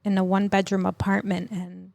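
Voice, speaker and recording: A middle-aged woman telling of a personal loss as a podcast guest, in a halting, emotional way full of fillers and restarts. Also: mid-range voice, completely flat delivery, creaky, mellow, no echo. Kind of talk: personal testimony in an interview.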